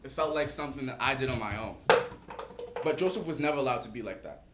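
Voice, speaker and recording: A man's voice: mid-range voice, fast, natural voice. A young man playing a defiant, self-assured teen boy in a staged reading monologue, telling his story with animation. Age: young adult. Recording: echoey stage with clear hiss.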